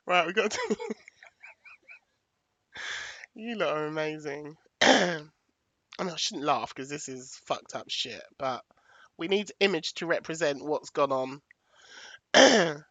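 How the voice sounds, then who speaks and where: A woman hosts a livestream in an easy, unhurried way, talking through her slides as she goes. Her voice is bright and forward. The sound is dry and close, with no room echo. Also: sits low. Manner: chatty, thanks viewers, thinks aloud while picking graphics. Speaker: livestream host. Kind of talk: casual livestream commentary.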